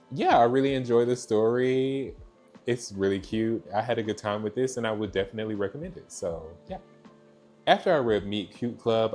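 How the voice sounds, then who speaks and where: A young man from Georgia in the US gives a casual, chatty book review. His voice sits fairly low and he gushes over what he likes. Soft music plays faintly behind him. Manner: chatty, gushing, repeats "so yeah".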